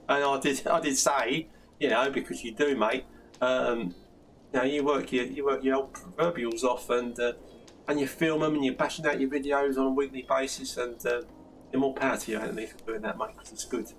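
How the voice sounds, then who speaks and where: An older man chats through a live stream, laughing often and restarting his sentences as he goes. His voice is gravelly, and he sits a little back from the mic. A faint hiss of noise runs under him. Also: mid-range voice, steady tone, moderate pace. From South London. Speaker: live stream host answering plastering questions. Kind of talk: casual live stream chat. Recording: slightly distant mic with faint background noise.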